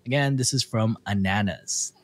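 A man's voice: fairly low pitch, normal speed. A man co-hosting a podcast, reading listener reviews aloud in a playful, joking way. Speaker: podcast co-host. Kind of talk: casual podcast banter.

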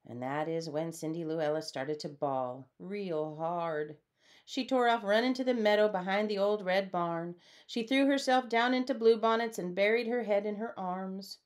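A woman reading a storybook aloud in a lively way, changing her voice for the characters. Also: mid-range voice, normal speed. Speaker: storybook reader. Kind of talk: read-aloud storybook narration.

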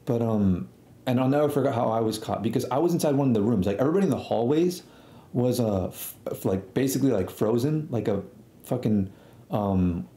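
A man's voice: medium pitch, dark tone. A young man telling a rambling story in a casual, slangy way, swearing freely. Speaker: storytelling streamer. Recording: echoey room.

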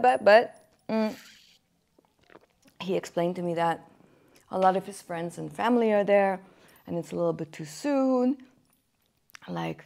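A woman's voice: lowish voice, creaky. A woman in her thirties hosting a podcast, chatting candidly about dating and acting out quotes as she tells stories. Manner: chatty, candid, animated storytelling with acted quotes. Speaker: podcast host. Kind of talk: casual chat about dating. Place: Germany.

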